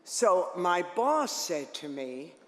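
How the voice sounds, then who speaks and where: An older woman tells animated, joking stories to a crowd in a large hall. Her voice rings out with a long, roomy reverb. She speaks as a seasoned radio host recalling her career. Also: fairly low pitch, takes it slowly. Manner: lively, joking, animated storytelling. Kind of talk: storytelling talk to an audience.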